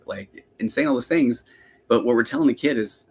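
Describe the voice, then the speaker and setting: Fast-talking middle-aged male therapist host. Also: mid-range voice, a little hiss or hum. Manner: rambling, self-interrupting, chatty. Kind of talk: live Q&A podcast chat.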